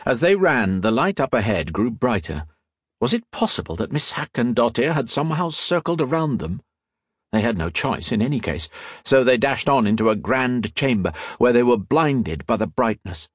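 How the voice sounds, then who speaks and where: A man narrating an adventure audiobook in a dramatic, lively reading style with a slightly husky voice. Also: mid-range voice, normal speed, dry recording, clean studio sound.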